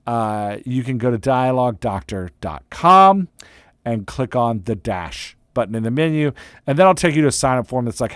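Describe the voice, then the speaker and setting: A man's voice: mid-range voice, animated, moderate pace, a bit bright, clean tone, no echo. A middle-aged man hosts a casual solo podcast, drifting loosely between updates and poking fun at himself. He talks into a close microphone in a dry, dead room. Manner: rambling and self-deprecating, with many fillers and restarts. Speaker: podcast host and writing coach. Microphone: close studio microphone.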